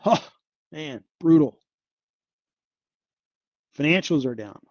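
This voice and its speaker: A man's voice: on the high side, animated, takes it slowly, a little mellow, dry recording, lo-fi sound. A man hosting a casual investing livestream, chatting about stocks and sighing and exclaiming over a falling market. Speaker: investing channel host.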